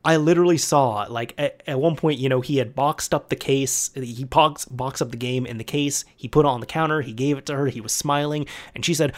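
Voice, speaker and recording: A man's voice: medium pitch, a little fast, few pauses. Chatty young man telling a story. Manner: rambling, conversational with fillers and restarts. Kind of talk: casual storytime monologue.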